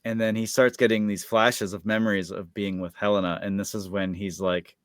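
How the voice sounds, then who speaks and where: A man's voice: lowish voice, flat delivery, brisk, no echo, studio quality. A man co-hosting a podcast, recapping an episode in a rambling, casual way full of filler words. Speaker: podcast co-host.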